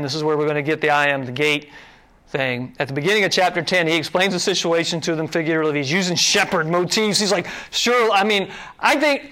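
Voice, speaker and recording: A man preaching a sermon to a room, lively and conversational, acting out quoted voices as he explains scripture. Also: on the high side. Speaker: pastor.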